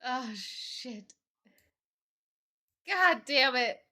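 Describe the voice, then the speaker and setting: A woman's voice: high voice, lively intonation, drawn-out words, sharp tone. A woman streaming a role-play game as a judge, talking frantically, swearing constantly and laughing a lot.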